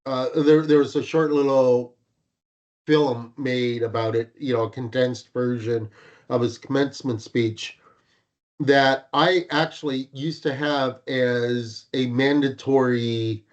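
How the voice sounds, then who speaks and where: A man's voice: medium pitch, steady tone, slow pace. Blunt, teasing male co-host, muffled audio. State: speaking after dental work. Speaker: podcast co-host, teacher. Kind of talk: casual podcast chat.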